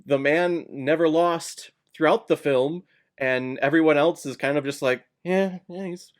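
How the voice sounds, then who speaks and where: A man's voice: on the high side, steady tone, measured pace. A man giving a casual vlog movie review in a sarcastic, blunt and exasperated way.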